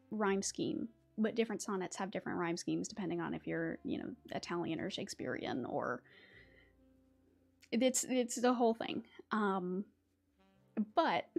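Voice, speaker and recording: Woman streamer, casual, reads her own poems, laughs easily, average pitch, faint music underneath. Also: creaky. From West Virginia. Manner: chatty, laughs often, many fillers and restarts. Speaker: YouTube host. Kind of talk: casual livestream chat and poetry reading.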